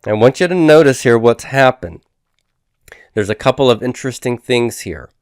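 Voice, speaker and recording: A man's voice: mid-range voice, lively intonation, normal speed, darkish tone, clean tone, no echo, clean studio sound. A man teaching a grammar lesson, patiently explaining and repeating each form. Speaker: Biblical Hebrew teacher. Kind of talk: recorded grammar lecture.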